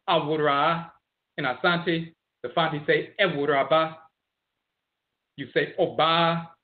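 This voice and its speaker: A man giving a lecture on history and word origins, slowly explaining, repeating and spelling out terms. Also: a little high. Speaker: teacher of ancestral religion. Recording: tinny phone-like audio.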